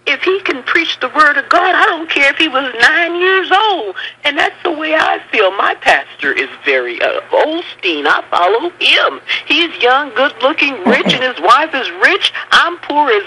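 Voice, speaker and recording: A woman's voice: high-pitched, sing-song, measured pace, hardly any pauses, bright, forceful tone, slight background noise. An older woman calling in to a radio show, speaking with impassioned, indignant emphasis. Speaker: caller. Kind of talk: emotional phone call. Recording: phone line on the radio.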